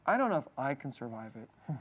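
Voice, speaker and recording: Candid pastor preaching, halting delivery. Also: male voice, mid-range voice, sing-song, fairly bright tone, highs cut off. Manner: candid and personal, often checks in with a quick "okay?"; halting, restarting phrases mid-thought. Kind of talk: conversational sermon.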